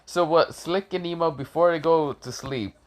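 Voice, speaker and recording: A man casually improvising a fan-fiction story, rambling with self-corrections, swearing, and high shouted voices for characters. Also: normal speed.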